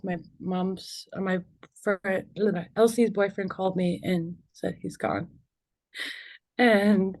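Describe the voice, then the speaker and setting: Young woman, halting and full of fillers. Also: medium pitch, a little mellow. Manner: halting, filler-heavy speech with frequent "like" and "you know"; nervous laughs between emotional moments. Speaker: interview guest. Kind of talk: personal storytelling in a casual interview.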